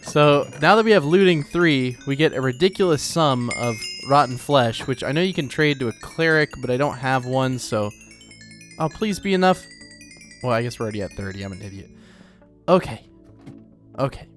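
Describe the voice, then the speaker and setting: A man's voice: mid-range voice, fairly quick, faint music behind. A young man from Oklahoma with an Oklahoman accent, hosting a casual gameplay let's play in a chatty, self-deprecating, rambling way. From Oklahoma, United States.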